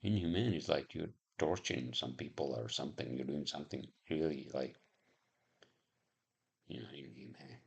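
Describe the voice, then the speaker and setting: A man's voice: very deep voice, normal speed, creaky, breathy edge. A man rambling in a casual monologue, swearing often and musing aloud with lots of fillers.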